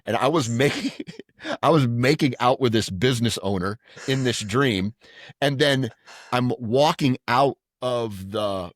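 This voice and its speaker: This middle-aged man co-hosts a podcast, spinning stories in a casual, rambling way with many restarts. He speaks a little slowly at medium pitch, with clean studio sound and no room sound.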